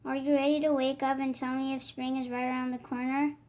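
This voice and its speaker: A woman's voice: high voice, level tone, fairly quick, darkish tone, lightly acted. A rude crow calls down in a rackety, pushy voice, played by a woman reading aloud. It is a storybook read-aloud with a brash edge.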